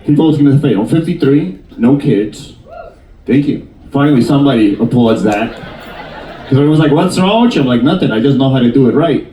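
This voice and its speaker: A man in his fifties doing stand-up comedy and crowd work, teasing the audience in an animated, jokey way. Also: medium pitch, fairly quick, reverberant, distant mic, a little hiss or hum, rough recording. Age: 50s. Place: cruise ship theater.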